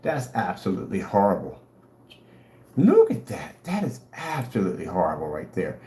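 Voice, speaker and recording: A man's voice: sits low, huge pitch swings, moderate pace, warm tone. A man hosting a livestream, ranting at his chat in a sarcastic, taunting way and daring viewers to answer. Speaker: livestream host selling projector screen paint. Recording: roomy room echo, faint hum.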